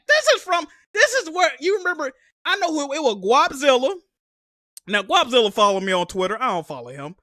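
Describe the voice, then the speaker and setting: Give me an exasperated young man ranting on a live stream, with a sharp, dry voice. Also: very high voice, no echo. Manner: profane, animated, exasperated ranting.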